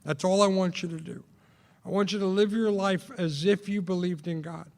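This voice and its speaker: A man with a fairly high voice talks through a recovery step in a personal sharing style. He asks himself questions out loud, repeats lines for emphasis and pokes fun at himself. His voice rings out with a long reverb, as in a hall. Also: fairly even intonation, moderate pace. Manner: rhetorical questions, self-mocking, emphatic repetition. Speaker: AA sponsor sharing on the steps.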